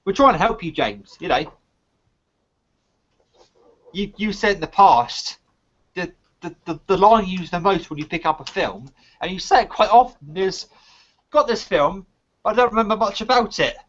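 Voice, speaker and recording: A man with a high voice chats casually on a live stream, turning his advice into a told fable with dramatic stresses. The sound is dull and lo-fi, like a web call. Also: moderate pace, long pauses. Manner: patient, explanatory storyteller with lively dramatic emphasis. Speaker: co-host of a live online chat.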